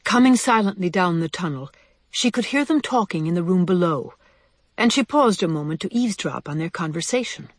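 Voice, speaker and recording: A woman narrating a children's storybook aloud in a measured, expressive way. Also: fairly low pitch, no echo. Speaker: reader.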